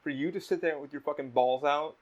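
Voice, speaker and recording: Over dull lo-fi audio, a male podcast host swears freely as he rambles through a candid, casual conversation. He speaks a bit fast, in a fairly high register.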